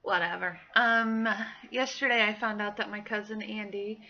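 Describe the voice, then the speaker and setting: Vlogger, woman in her thirties, bright chatty storyteller, slightly muffled home recording. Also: mid-range voice, fairly even intonation, moderate pace, slight background noise. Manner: chatty storytelling, acts out quoted voices. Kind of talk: casual personal diary vlog.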